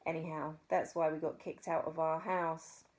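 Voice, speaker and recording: A woman with a New Zealand accent reading a children's story aloud, expressive with dramatic pauses. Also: sits low.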